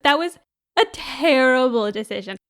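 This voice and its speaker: A young adult woman co-hosting a podcast, telling a story in casual chat, animated and laughing often. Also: high-pitched, moderate pace, clean tone. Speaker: podcast co-host.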